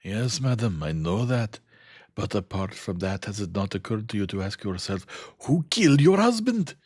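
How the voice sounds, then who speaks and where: A man voicing a formal, fussy older male detective who speaks in an emphatic, deliberate way. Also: lowish voice, big pitch swings, darkish tone, breathy edge, no room sound, clean studio sound, voice pushed up. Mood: insistent.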